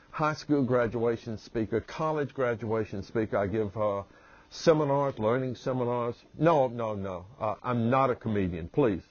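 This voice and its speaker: A Southern US man drawls slowly through a promotional self-introduction, his voice a little husky. The sound is dry and dull, like a lo-fi recording. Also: mid-range voice, a little mellow, no echo. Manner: slow, drawling delivery. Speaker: humorist and motivational speaker.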